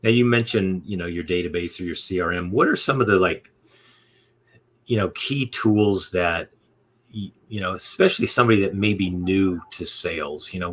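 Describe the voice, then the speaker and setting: A man hosting a casual interview, relaxed and rambling with many fillers. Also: low voice. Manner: relaxed, rambling, full of "you know" fillers. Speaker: podcast host.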